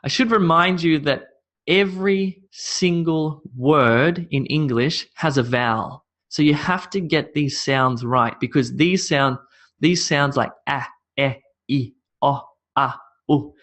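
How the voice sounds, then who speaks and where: Guy teaching english vowel sounds, super slow, repeats every word like three times. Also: on the high side, a bit bright. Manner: repeats sounds and words slowly in sets, instructive. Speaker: pronunciation teacher. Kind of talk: pronunciation drill lesson.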